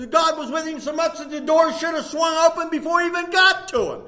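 A man preaching a sermon, animated, jumping between loud bursts and hushed lines and laughing often. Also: extremely high pitch, fairly quick, hardly any pauses.

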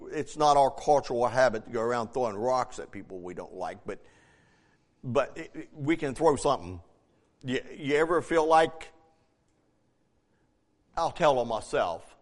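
A man preaching a sermon, emphatic, dropping to a hush and then rising to near shouts. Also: mid-range voice, unhurried, long pauses, big-room sound. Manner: emphatic, swings from hushed to shouting.

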